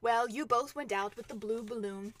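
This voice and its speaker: High-voiced woman reading a storybook. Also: normal speed, no echo, clean studio sound.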